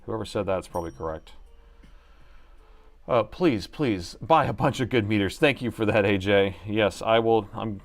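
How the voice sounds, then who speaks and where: Male repair streamer, lower register, relaxed commentary that drifts between mumbling and addressing viewers. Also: moderate pace. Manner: muttering to himself, then chatty to viewers. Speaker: livestream repair host. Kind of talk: casual live commentary while repairing.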